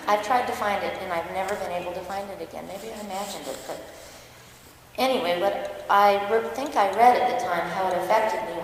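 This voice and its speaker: A woman's voice: mid-range voice, a little hiss or hum. A woman giving a personal storytelling talk, candid and self-mocking, often laughing at herself. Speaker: dharma talk speaker. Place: large church hall. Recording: echoey hall recording with long reverb.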